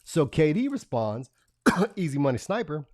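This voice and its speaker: On a live stream, a male host chats casually, reading messages aloud in a mocking, profane way and laughing between lines. His voice is fairly high, very animated, and darkish in tone at a normal speed. The recording is dry, with clean studio sound.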